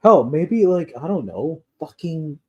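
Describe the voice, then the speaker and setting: A man's voice: on the high side, very animated, a little slow, slightly rough. A man ranting casually in a rambling, profane way with lots of fillers, on a dull lo-fi recording. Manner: rambling, profane, loose delivery with frequent fillers and laughs. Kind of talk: casual rant.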